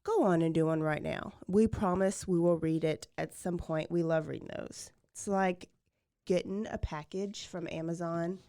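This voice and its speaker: A woman's voice: lowish voice, fairly even intonation, normal speed, dark tone, no room sound, clean studio sound. A woman co-hosting a podcast, chatting casually, laughing often and reading out listener messages. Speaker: podcast co-host. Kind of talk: casual chat.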